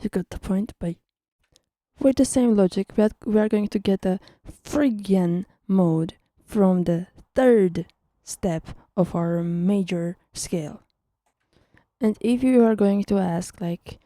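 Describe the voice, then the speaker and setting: A woman's voice: mid-range voice, slow, dark tone, dry recording, studio quality. A young woman teaching music theory in a casual online tutorial, chatty and teasing, often correcting herself mid-sentence.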